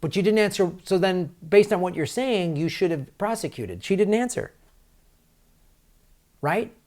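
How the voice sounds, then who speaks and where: A man's voice: high voice, animated, unhurried. Ranting, sarcastic male political commentator. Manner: angry, sarcastic, mocking, swings from loud outbursts to muttering. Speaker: comedian and political commentator host.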